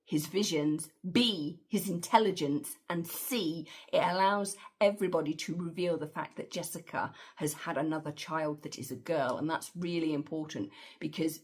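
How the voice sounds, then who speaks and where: A woman's voice: sits low, moderate pace, husky. A woman giving a chatty, opinionated film review with slangy asides. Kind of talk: casual film review monologue.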